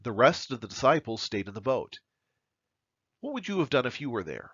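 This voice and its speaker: Earnest male preacher, lively delivery. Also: mid-range voice, breathy edge, no echo, dull audio. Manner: earnest, emphatic preaching with dramatic pauses. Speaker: pastor. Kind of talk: sermon.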